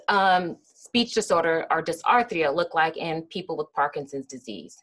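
Lecturing woman, slightly low voice. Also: a bit bright. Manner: explanatory, with frequent "um" and "kinda", acting out example phrases. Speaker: speech therapist giving a lecture. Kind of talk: educational lecture.

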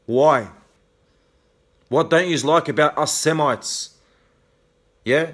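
An angry Australian man rants confrontationally to camera in his video blog, swearing heavily and capping points with a challenging "okay?". His voice is a little high and fairly bright, slow, with frequent pauses.

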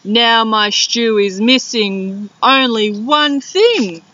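Woman voicing a sly boastful dingo, slow sing-song chant, storybook reading, dull lo-fi sound. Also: on the high side, lively intonation, bright, forceful tone, dry recording, exaggerated voice. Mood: cunning.

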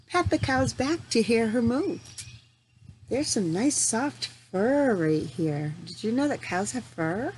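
A woman reading a picture book aloud to young children as their teacher, pausing to ask them gentle questions. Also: fairly high pitch, sing-song, slight background noise.

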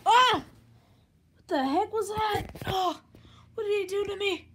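A woman voicing characters in her own amateur animation, yelling insults and yelping in a hammy way. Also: very high voice, measured pace, noisy background. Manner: shrieking insults and yelps, hammy.

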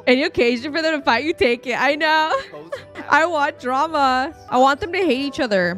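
A woman's voice: high voice, normal speed, fairly bright tone, soft background music. A young woman streaming a life-sim game, chatting and exclaiming as she plays, often giggling. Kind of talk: live gameplay commentary. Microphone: desk microphone.

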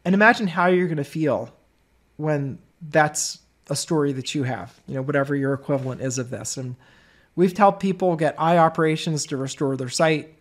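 A man's voice: fairly high pitch, moderate pace. A middle-aged man hosting a webinar, telling stories in a chatty way with many asides. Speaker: webinar host. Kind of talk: webinar sales talk.

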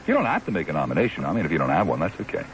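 A man hosting a call-in radio talk show, teasing callers and jumping around in pitch as he talks. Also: rapid-fire, a little hiss or hum, poor audio. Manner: lively, teasing, jumps in pitch.

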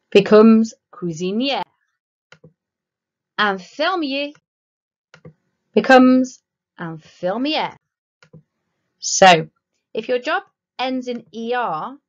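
A woman teaching a recorded school French lesson, explaining patiently and slowing down to say the French words clearly. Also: mid-range voice. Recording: slightly dull lo-fi recording.

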